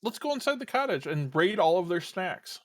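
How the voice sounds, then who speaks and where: A man on a live game stream deciding where to go next, with deadpan jokes. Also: high voice, brisk. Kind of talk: casual banter.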